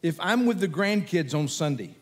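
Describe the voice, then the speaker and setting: An older man preaches a sermon in a relaxed, storytelling manner, chuckling as he goes. His voice sits high for a man. A long reverb trails behind him, as in a big hall. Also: normal speed. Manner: conversational, folksy, animated storytelling with chuckles. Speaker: pastor.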